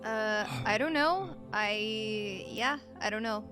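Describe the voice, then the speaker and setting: A woman's voice: medium pitch, slow, over music. A woman playing her character in a tabletop game, answering in an evasive, offhand way. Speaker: player. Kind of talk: in-character tabletop role-play.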